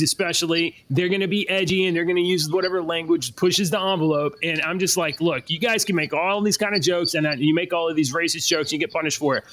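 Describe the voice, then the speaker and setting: A man's voice: fairly high pitch, a bit bright. A man co-hosting a casual podcast chat, speaking in a blunt, firm and opinionated way. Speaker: podcast co-host.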